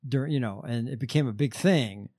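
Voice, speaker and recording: A man's voice: medium pitch, moderate pace, a little mellow. A man hosting a podcast in casual chat, hesitating often with "uh" and "um". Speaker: podcast host.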